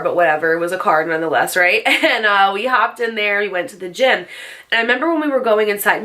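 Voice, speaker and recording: A woman's voice: medium pitch, sharp tone. A young woman telling a storytime vlog in a chatty, sarcastic way, full of fillers. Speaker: storytime vlogger. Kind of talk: casual storytelling.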